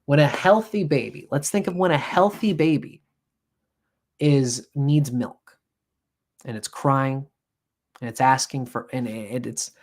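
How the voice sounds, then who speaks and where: A male astrologer talks through a live-streamed reading in a blunt, salty way. He speaks at a mid pitch, swings between emphatic bursts and low asides, and acts out little voices to make his points. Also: unhurried, long pauses.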